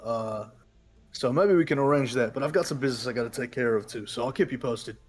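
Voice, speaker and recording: A man playing a rough masked fixer. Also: mid-range voice, close to an everyday voice. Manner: loose, swearing, halting with fillers. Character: wary male fixer in a mask, a bit rough.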